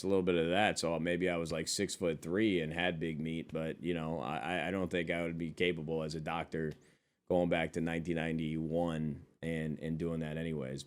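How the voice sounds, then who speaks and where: A man streaming live, talking casually to his chat in loose, profane, joking banter from his desk. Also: low voice. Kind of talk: casual stream chat reading and answering viewers. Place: at a desk with a monitor.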